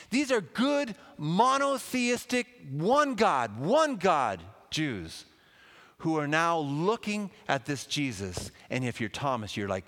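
A man preaching a sermon in a lively, conversational way, with asides to the congregation. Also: fairly high pitch, takes it slowly. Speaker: pastor. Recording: long hall reverb.

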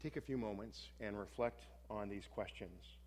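A man's voice: on the low side, a little mellow. Reflective male pastor in a reverberant hall. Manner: unhurried, reflective, with frequent small restarts. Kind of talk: sermon leading a guided scripture meditation. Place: church sanctuary. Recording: long reverb from a large worship hall.

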